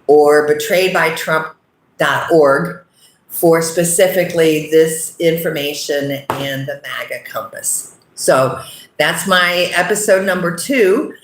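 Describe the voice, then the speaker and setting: A woman's voice: on the low side, reverberant, poor audio. A middle-aged woman hosting a casual talk straight to her viewers, earnest and often checking in with "okay?". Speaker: host. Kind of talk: casual direct-to-camera talk.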